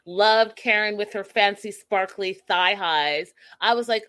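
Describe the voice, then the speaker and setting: A woman hosting a casual recap of a reality show, gossipy and animated, laughing at the scenes she retells. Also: mid-range voice, measured pace, few pauses. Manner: animated, gossipy, laughs at her own quotes. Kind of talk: casual chat.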